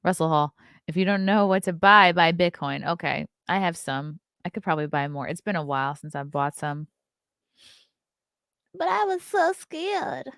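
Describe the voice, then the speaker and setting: A woman's voice: low-pitched, a little fast, fairly bright tone, clear, resonant tone, no room sound, studio quality. A woman, hosting a casual live stream, chatty and profane as she reads out the chat. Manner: blunt, profane, chatty, laughs often. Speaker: podcast host reading live chat.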